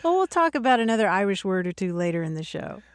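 A woman co-hosting a radio call-in show about words, greeting callers in a friendly, measured way. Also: medium pitch, very animated, dry recording, clean studio sound. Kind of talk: casual radio talk about language.

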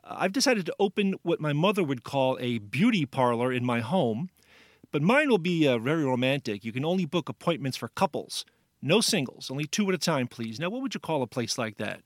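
Brief: playful male quiz guy on a radio talk show, lively pitch, dry studio sound. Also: brisk, dry recording. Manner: jokey, sets up puns, laughs often.

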